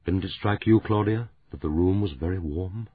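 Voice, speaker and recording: A composed older man talks quietly and deliberately, as read by a male audiobook narrator. The voice sits low and husky. The recording is thin and phone-like. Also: no echo. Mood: quiet, calm. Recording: narrow phone-like audiobook sound.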